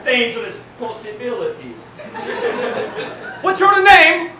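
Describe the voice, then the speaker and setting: Improv: man as hard-of-hearing Russian, broken English, slow, heard from afar over a loud crowd. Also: very high voice, huge pitch swings, full character voice. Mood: bewildered. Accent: put-on Russian. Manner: shouty, mishears everything, broken English. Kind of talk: live improv comedy. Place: small comedy club stage. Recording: echoey club from far off.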